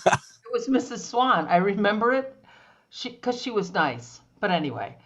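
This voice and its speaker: Female co-host, bubbly and teasing, bright lively pitch, muffled call audio. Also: normal speed. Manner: bubbly, teasing, sings little fanfares. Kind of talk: casual chat. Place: video call.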